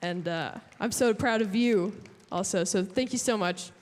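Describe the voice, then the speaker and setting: A woman from Alberta giving an emotional award acceptance speech from a stage, halting with many fillers and restarts. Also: mid-range voice, very noisy. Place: large hall at an awards show. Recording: long hall reverb.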